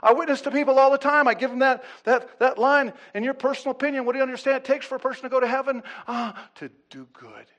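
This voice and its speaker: A man preaching a sermon. His delivery swings between loud, urgent pleading and low, hushed asides, and he often repeats words as he restarts a thought. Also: flat delivery, very fast, few pauses. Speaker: pastor.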